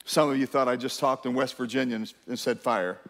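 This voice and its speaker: A man preaching a sermon to a congregation, swinging from hushed, quiet lines to loud emphatic ones and calling out to the crowd. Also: medium pitch, fairly even intonation, a little fast. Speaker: pastor. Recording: long hall reverb.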